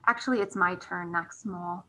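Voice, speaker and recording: A woman's voice: on the low side, normal speed, pushed and bright, voice pushed down. A woman voicing Hare, an eager, friendly young male hare in a storybook read-aloud. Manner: eager, pleading.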